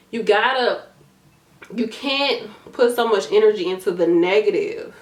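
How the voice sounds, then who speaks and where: Her pace is measured and her voice mid-range, recorded with a roomy sound. She's a tired nursing YouTuber giving study advice in a casual vlog, coaching matter-of-factly with slang like "y'all" and "gonna" and repeating herself for emphasis.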